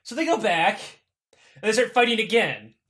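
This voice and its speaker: A man's voice: high-pitched, lively intonation, normal speed, fairly bright tone. A man co-hosting a podcast, retelling history in an irreverent, profane and rambling comedic way. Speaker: podcast co-host.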